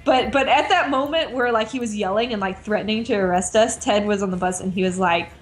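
A woman game designer telling a casual story as a guest, animated and full of "like" fillers. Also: mid-range voice, a little fast, soft background music. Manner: animated, heavy use of "like" fillers.

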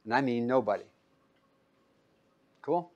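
A man preaching a Bible-teaching sermon, reading verses loudly and pausing for his listeners to call out the missing word. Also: medium pitch, lively intonation, highs cut off. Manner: quizzing listeners with fill-in-the-blank questions; emphatic, loud when reading scripture aloud.

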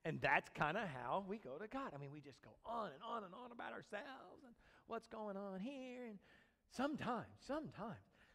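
A man preaching a sermon as a pastor, animated, acting out quoted voices and speaking directly to his congregation. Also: high voice, normal speed, vocal fry. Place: church sanctuary. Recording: long church reverb.

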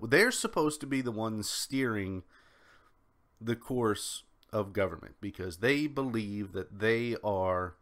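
American male podcast host, lowish voice, unscripted rambling solo commentary. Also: fairly bright tone. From United States. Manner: rambling, frequent restarts and ums.

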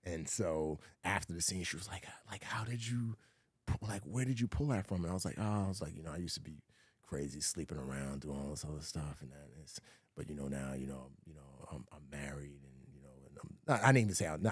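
A man on an interview show telling a long personal story, animated and full of fillers, acting out the voices of other people. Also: low voice, fast, slightly rough, no room sound. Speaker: guest, former Navy SEAL and actor. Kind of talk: casual storytelling conversation.

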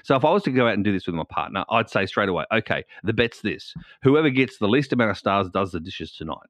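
Chatty, animated male podcast host. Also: lowish voice, fast talker, dry recording. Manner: chatty, animated, playful teasing. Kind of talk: casual podcast chat. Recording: dull, dry lo-fi sound.

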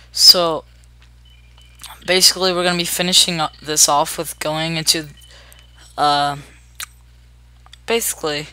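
A young adult gaming host giving chatty, upbeat commentary while playing, narrating each move out loud. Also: mid-range voice. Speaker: gameplay video host. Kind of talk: casual let's-play commentary.

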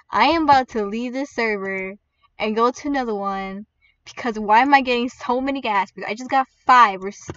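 A woman giving chatty, excitable commentary while playing a game, with squeals and laughs as she opens pets. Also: medium pitch, dry recording, distant mic, muffled recording. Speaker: gaming video creator. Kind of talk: gaming commentary.

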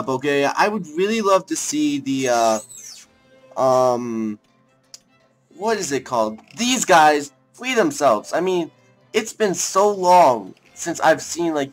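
A young man casually commenting on a strategy game as he plays, thinking aloud, rambling and breaking into excited outbursts, with faint music behind him. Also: mid-range voice. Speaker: let's play gamer.

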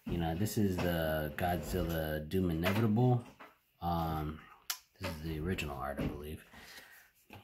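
A man with a low voice talks to his viewers in a casual card-opening vlog, getting excitable and chatty. He records at home, and a steady background noise with clicks is clearly heard under his voice. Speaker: card-opening channel host. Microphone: home camera setup.

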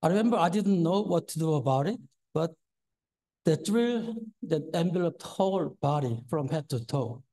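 A man's voice: a little high, expressive, moderate pace, dark tone, low-quality recording. A man in his sixties preaching a sermon as a lay preacher, nervous and hesitant with many fillers and a trembling voice. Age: 60s.

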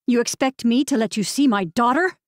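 A woman's voice: a little high, fairly quick, no echo, clean studio sound, pitched above the performer's own voice, close to an everyday voice. A woman narrator voicing a fierce, protective mother with a tight, harsh voice. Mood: furious.

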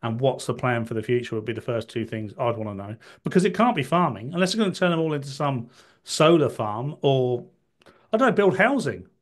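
A man's voice: mid-range voice, animated, brisk. A man talking as a guest on a political podcast, hesitant and full of restarts, with wry asides.

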